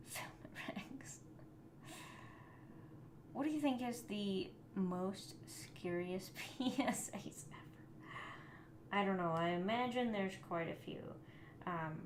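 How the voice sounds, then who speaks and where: Woman chatting slow on a live build stream, kinda muttery, roomy echo, faint hum behind. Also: mid-range voice. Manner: frustrated, muttering and often soft-spoken while building. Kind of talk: casual live-stream chat.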